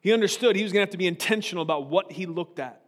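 A man's voice: high-pitched, very fast. A man preaching a humorous, conversational sermon as pastor, joking and often checking in with his listeners. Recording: reverberant hall.

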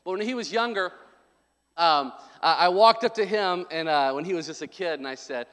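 A man with a high voice preaches a sermon, slipping easily between joking, chatty asides and emphatic calls to his congregation. His voice rings out with a long, lingering reverb from a large church hall. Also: moderate pace, fairly bright tone. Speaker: pastor.

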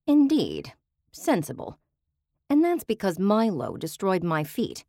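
A woman's voice: medium pitch, huge pitch swings, a little slow, mellow, dry recording, clean studio sound, heavily acted. A woman reading an audiobook, voicing a haughty wealthy dame with put-on British airs, imperious and theatrical. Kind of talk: audiobook character voice.

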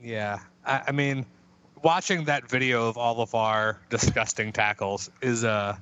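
A man on a sports chat podcast with a bright, forceful voice heard through dull, lo-fi audio. He jokes in a wry, deadpan way and laughs between lines. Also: mid-range voice, measured pace. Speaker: podcast co-host.

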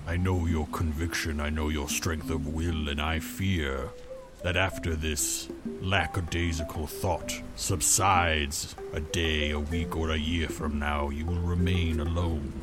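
A man voicing a solemn, loyal companion in a tabletop role-play, speaking in a grave, deliberate way. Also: a bass voice, little pitch movement, loud music behind the voice.

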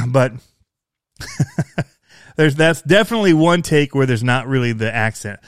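A man with a faint Southern US lilt talks in a relaxed, rambling way, poking fun at himself and laughing now and then. His voice sits at a middle pitch, and the recording is dry and close with no room sound. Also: measured pace, smooth, no room sound. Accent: slight Southern US. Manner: rambling, self-deprecating, laughs often. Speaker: YouTube hobby creator. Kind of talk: casual chat.

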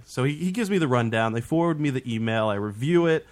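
A man tells a story while chatting casually with friends, speaking fast with a fairly high voice and hardly pausing. He's animated, swears often and acts out what each person said.

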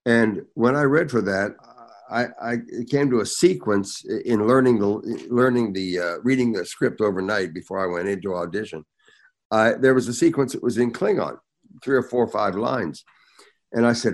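A man's voice: fairly low pitch, normal speed. An older man, an actor guest, telling anecdotes in casual chat and acting out the people he quotes. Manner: animated storyteller, acts out quotes.

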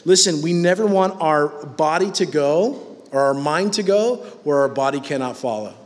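A man's voice: on the high side, lively intonation, moderate pace, long reverb tail. A man preaching a sermon in a conversational, emphatic way.

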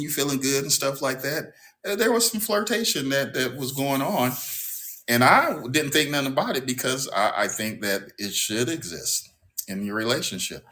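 A man's voice: lowish voice, pushed and bright. A man teaching a Bible class in a preaching style, emphatic and repetitive, his voice jumping up on key words.

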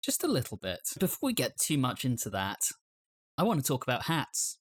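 A man's voice: mid-range voice, huge pitch swings, fairly quick, breathy edge. A man co-hosting a podcast in casual chat, with dry, wry humor. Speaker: podcast co-host.

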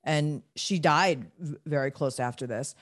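A man's voice: fairly high pitch, a little slow, dry recording, studio quality. A man hosting a podcast, talking bluntly and candidly about his recovery, with frequent restarts and swearing. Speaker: podcast host.

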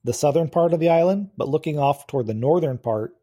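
A man serves as game master for a tabletop role-playing session. His voice is dark and mellow, and he lays out each scene in an easy, unhurried way, filling pauses with "uh.". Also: a little high. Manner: relaxed, describing scenes with filler "uh"s.

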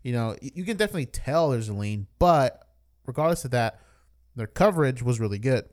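A podcast co-host chats casually and rambles, full of fillers and restarts. His mid-range voice has a darkish tone, lively intonation, and a slightly fast pace.

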